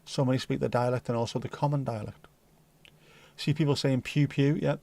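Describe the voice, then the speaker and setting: A man's voice: medium pitch, fairly even intonation, brisk, gravelly, a little mellow. A man hosting a casual livestream, chatting with viewers and reading out their comments in rambling, dry, joking banter. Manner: dry, rambling banter, slips into silly voices. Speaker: livestream host.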